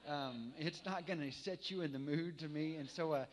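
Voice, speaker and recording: Slightly high-voiced man preaching a sermon. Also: normal speed, crowd noise. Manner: conversational storytelling, many fillers and restarts, rising to emphatic preaching. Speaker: worship leader and guest preacher.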